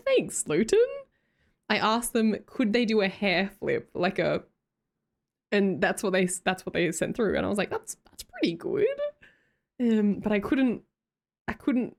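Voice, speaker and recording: A young Australian woman chatting casually on a livestream, bubbly and quick to laugh, answering chat as she goes. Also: mid-range voice. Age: young adult. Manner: bubbly, laughs often, reads chat aloud.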